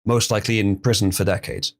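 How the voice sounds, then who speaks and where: A man's voice: on the low side, steady tone, fast. A man hosting a livestream, chatting casually, reading chat messages and laughing often. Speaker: livestream host.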